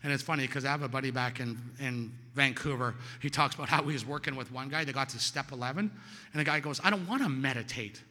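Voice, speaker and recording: A man's voice: steady tone, fast. A man sharing his story at a recovery meeting in a casual, conversational way, checking in with the audience and acting out the voices of people he quotes. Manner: conversational, storytelling, asks "right?" often; acts out quoted voices, louder and higher. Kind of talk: personal testimony talk. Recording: hall reverb.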